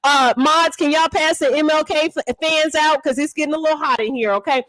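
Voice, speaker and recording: A woman's voice: high-pitched, a little fast, fairly bright tone, no echo. A woman hosting a live stream, retelling events with theatrical flair and calling her viewers honey and baby. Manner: dramatic, theatrical, calls listeners honey and baby. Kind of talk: animated storytelling commentary.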